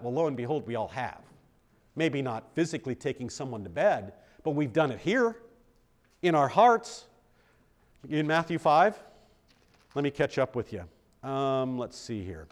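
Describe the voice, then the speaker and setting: A man's voice: a little high, big pitch swings, moderate pace. A man, a pastor, teaching a Bible study in a conversational way, often checking in with the group and poking fun at himself. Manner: self-deprecating humor.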